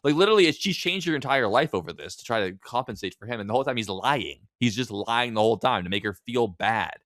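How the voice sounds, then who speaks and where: A man co-hosting a podcast in casual chat, animated and swearing as he reads out internet stories. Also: mid-range voice, quick pace, dry recording, studio quality. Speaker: podcast co-host.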